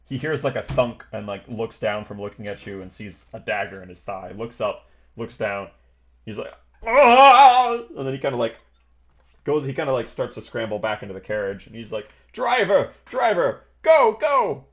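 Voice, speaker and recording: A man's voice: on the low side, a little fast. A man narrating as game master for a tabletop game, rambling and stringing his descriptions together with many fillers and hedges.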